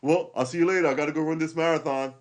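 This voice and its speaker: A man's voice: a little high, steady tone, racing, voice pushed up, natural voice. A man putting on the voice of a smug, dopey male marathon runner, cheery and goofy.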